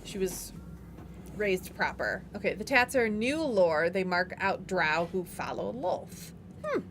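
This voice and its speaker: A woman's voice: mid-range voice, big pitch swings, slow pace, fairly bright tone, slight background noise. A woman co-hosting a casual chat, talking in a playful, gushing way about miniatures. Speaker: co-host reviewing miniatures.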